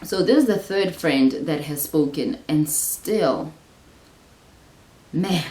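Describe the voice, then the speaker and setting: A woman's voice: low-pitched, lively intonation, slow pace, long pauses, mellow, roomy sound, poor audio. A woman hosting a Bible study, who teaches in a casual, earnest way and thinks aloud, often restarting her sentences.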